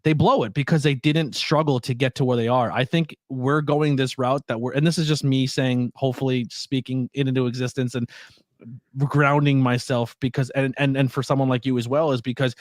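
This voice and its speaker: A man's voice: medium pitch, fairly even intonation, fairly quick, no echo, studio quality. A man co-hosting a wrestling podcast, talking earnestly and rambling in a casual chat, with frequent restarts. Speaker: podcast co-host.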